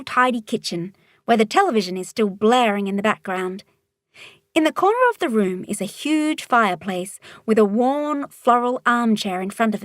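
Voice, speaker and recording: A woman narrating a children's storybook in a calm, even read-aloud manner. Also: fairly high pitch, no echo, clean studio sound.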